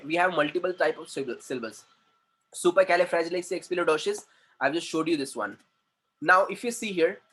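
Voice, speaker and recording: Male trainer, high voice, repeats and stretches syllables for a class. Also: fairly bright tone. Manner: repetitive, drawn-out spelling of syllables, mixes in Hindi. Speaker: communication trainer. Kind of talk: classroom grammar lesson.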